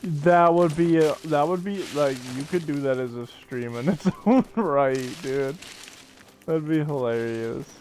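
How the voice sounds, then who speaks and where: A man's voice: fairly high pitch, darkish tone, a little hiss or hum. A young man streaming a survival game, chatting casually to viewers and friends as he rambles from one joke to the next and laughs often. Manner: rambling, joking, quick to laugh. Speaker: gaming streamer. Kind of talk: casual live-stream chat while gaming.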